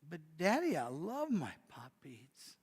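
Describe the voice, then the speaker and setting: A man's voice: high-pitched, slow pace, a bit bright, in a large hall, pitched above the performer's own voice, exaggerated voice. A man voicing an eager four-year-old girl in a retold sermon story. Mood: pleading.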